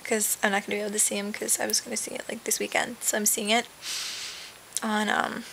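A woman's voice: medium pitch, flat delivery, fast talker, creaky, fairly bright tone, a little hiss or hum, poor audio. A young woman vlogging casually from her bed, rambling with lots of fillers and trailing asides. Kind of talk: casual webcam vlog. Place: sitting in bed at home. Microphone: webcam.

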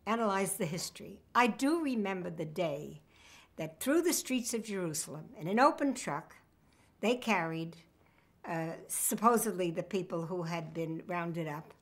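A woman's voice: on the low side, animated, normal speed. A woman, reminiscing in an oral history interview with a wry sense of humor. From United States.

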